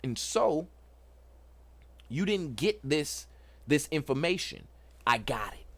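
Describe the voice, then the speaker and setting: A middle-aged man hosts a casual livestream tech talk. He is excited and preachy, repeats himself and talks to the chat. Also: on the high side, slow. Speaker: host.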